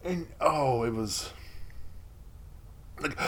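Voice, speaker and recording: A man's voice: medium pitch, expressive, normal speed, long pauses, fairly bright tone. A man co-hosting a podcast in casual chat, rambling, trailing off mid-sentence and laughing often. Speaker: podcast co-host.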